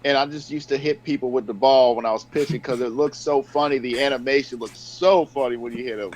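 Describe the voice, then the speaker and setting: A man's voice: medium pitch, fairly even intonation, fairly quick, darkish tone. A man co-hosting a gaming podcast, upbeat and laid back, saying "you know" often. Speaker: podcast co-host. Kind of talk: casual gaming podcast chat. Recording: dull lo-fi sound.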